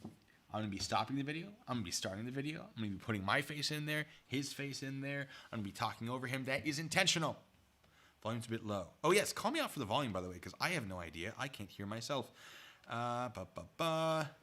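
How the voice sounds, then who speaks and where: Speaking fast into a desk mic pulled close, a man gives casual live-stream commentary in an animated, bright, forceful voice of medium pitch. He rambles and chats, tossing in asides to his viewers.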